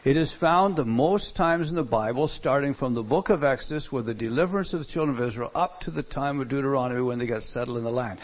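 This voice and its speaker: A male pastor preaching a sermon, stressing points and swinging between loud emphasis and quiet, hushed lines. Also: mid-range voice, fast, few pauses.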